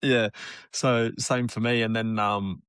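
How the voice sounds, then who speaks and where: A man with an Australian accent, a racing driver co-hosting a podcast, talking in a relaxed way in short phrases that trail off. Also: lowish voice, slow pace, clean tone, no echo, studio quality. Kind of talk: casual chat.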